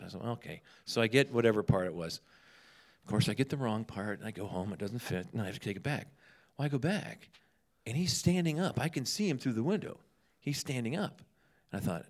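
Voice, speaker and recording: A man in easy conversation, spinning humorous anecdotes and playing out the other people's lines as he goes. His voice sits at an ordinary middle pitch, and he laughs along with his own stories. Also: a little fast. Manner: humorous, animated storyteller who acts out dialogue. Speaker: guest telling ministry stories. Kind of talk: casual storytelling chat.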